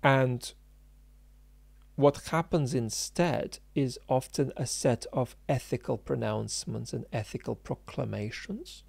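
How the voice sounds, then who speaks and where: Guy doing political commentary, gravelly voice, dry close sound, lots of ums. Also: medium pitch, takes it slowly, darkish tone, no room sound. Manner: thinking aloud with frequent ums and restarts; emphatic, argumentative. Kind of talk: unscripted commentary.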